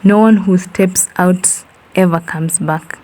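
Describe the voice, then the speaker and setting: A woman voicing a joking male security guard who talks in a quick, casual way. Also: fairly low pitch, fairly even intonation, mellow. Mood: teasing.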